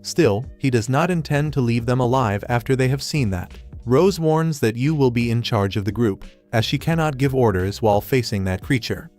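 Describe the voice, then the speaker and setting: A man narrates an anime recap in an even, steady manner. His voice sits in a middle pitch. Faint music plays behind him. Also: moderate pace, few pauses. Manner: even, steady retelling in third person.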